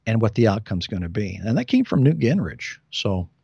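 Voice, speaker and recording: A man's voice: on the low side, very animated, moderate pace, gravelly, darkish tone, slightly rough, no echo, muffled recording. An American man chatting casually as a podcast guest, often stumbling and repeating words as he restarts. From United States. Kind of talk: casual conversational chat.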